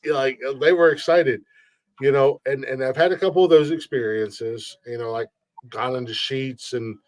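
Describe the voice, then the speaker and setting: A man's voice: mid-range voice, normal speed, no room sound. A man hosting a podcast, telling stories in a loose, profane, rambling way and repeating words as he goes. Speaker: podcast host. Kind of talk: casual storytelling chat. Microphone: streamed podcast mic.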